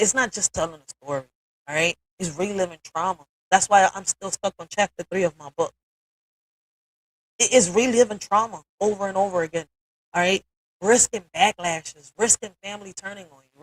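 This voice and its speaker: A woman's voice: mid-range voice, no room sound, low-quality recording. A woman hosting a live stream, talking emotionally and bluntly with lots of cursing, often checking in with "all right?". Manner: emphatic, builds to forceful peaks.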